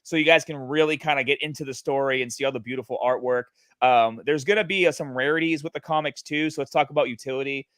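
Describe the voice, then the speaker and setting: A man in casual livestream chat, pitching his project with many fillers and restarts. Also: fairly even intonation, fast talker, few pauses, a bit bright, clear, resonant tone, no echo. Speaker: guest, NFT project creator.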